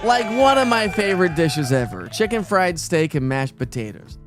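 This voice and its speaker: A man's voice: on the high side, very animated, normal speed, loud music behind the voice. A middle-aged man, hosting a casual live weather stream and greeting viewers by name. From East Tennessee.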